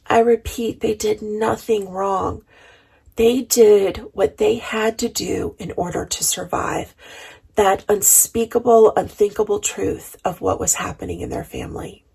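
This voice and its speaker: A woman chaplain and reverend giving a reflective talk on grief, speaking in a measured, earnest way with emphatic repetition. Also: medium pitch, gravelly, a little mellow, breathy edge, low-quality recording.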